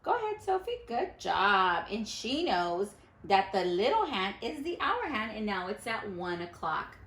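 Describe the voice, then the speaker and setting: Lively woman teacher reading to a class. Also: mid-range voice, reverberant. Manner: animated storyteller who pauses to quiz children. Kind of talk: reading a picture book aloud to a class.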